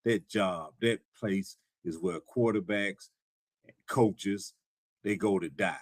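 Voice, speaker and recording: A man with a very deep, low voice co-hosts a live football talk show. He rants in a wry, exasperated way, lacing it with dry humor, and his voice sounds close and dry, with no room around it. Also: slow pace, dry recording. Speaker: show co-host.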